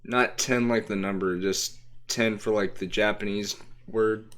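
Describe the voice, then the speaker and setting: Showing toys to the camera, this young man explains them during a casual livestream, hesitating and rambling with many ums. His voice sits on the low side, steady and slightly bright, at a measured pace.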